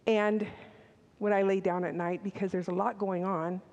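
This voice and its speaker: Her sermon is candid and conversational: an older woman at a church service, with personal asides and restarts along the way. She talks at a normal speed in a level, darkish mid-range voice, and the recording has its highs cut off and long reverb from a big hall.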